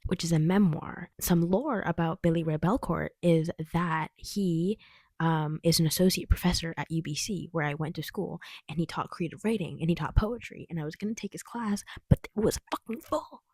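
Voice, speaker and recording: At home indoors, a young adult book vlogger casually reviews books she's read, chatty, digressive, and laughing often. Her voice is low, darkish, and husky, recorded with studio quality and no echo.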